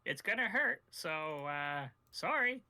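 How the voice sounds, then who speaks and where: A man voicing a brisk, blunt woman ritualist in a tabletop game, speaking curtly and matter-of-factly. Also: a little high, big pitch swings, bright, forceful tone, full character voice.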